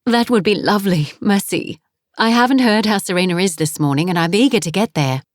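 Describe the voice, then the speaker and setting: A woman's voice: mid-range voice, a little fast, no echo, clean studio sound, natural voice. A woman voicing Maggie, a worried middle-aged mother who speaks tenderly and anxiously.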